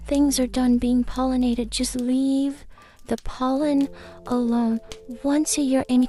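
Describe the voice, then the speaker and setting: Lady doing a fussy little garden fairy, high voice, mellow, rambles and gets worked up, music faintly under. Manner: preachy, easily agitated, rambling. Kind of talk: comic character podcast chat.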